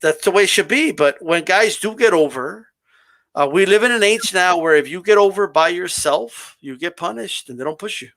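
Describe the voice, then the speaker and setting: A man's voice: high-pitched, expressive, normal speed, a bit bright. A man co-hosting a casual wrestling debate, talking animatedly with lots of "like" and "bro" and mocking stiff scripted delivery.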